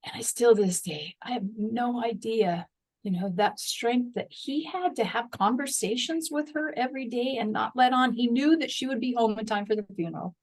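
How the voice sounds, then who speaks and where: A middle-aged woman speaks as a guest, sharing a heartfelt story of loss and faith. Her voice sits a little high, and she is earnest throughout. When she reads scripture aloud, she puts real feeling into it. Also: moderate pace, poor audio.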